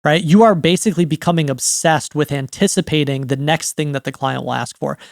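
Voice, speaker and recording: A man's voice: on the high side, fairly quick, gravelly, dry recording, clean studio sound. A man in his thirties giving a conversational business lesson on writing, often checking in with "right?". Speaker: writing coach. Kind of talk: educational monologue.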